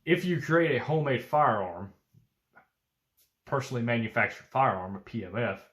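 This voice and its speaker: Blunt man vlogging. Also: mid-range voice. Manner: blunt, profane, opinionated. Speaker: YouTube channel host. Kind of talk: casual opinion commentary to camera.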